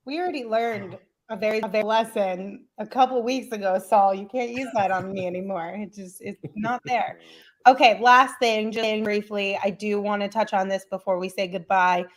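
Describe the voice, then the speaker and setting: A woman's voice: mid-range voice, fairly even intonation, normal speed. A woman hosting a sports podcast, chatting casually, laughing often and reading sponsor spots. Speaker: podcast host.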